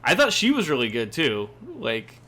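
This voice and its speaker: A man co-hosting a podcast, chiming in with quick questions in a casual movie chat. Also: mid-range voice, wildly swooping pitch, bright, forceful tone. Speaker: podcast co-host.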